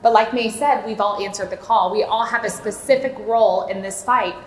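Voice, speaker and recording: Giving an earnest personal testimony, a woman from Florida in her late thirties talks fairly quickly, her medium-pitched voice fairly even in intonation. She directs a maternity home and is speaking openly at a church seminar in an echoey hall with slight background noise.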